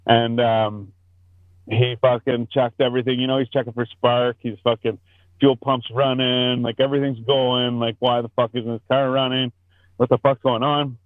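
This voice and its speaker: A man's voice: mid-range voice, flat delivery, moderate pace, no echo. A man hosting a podcast in casual chat over a video call, telling rambling, profane stories. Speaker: podcast host. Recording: dry, tinny phone-like call audio.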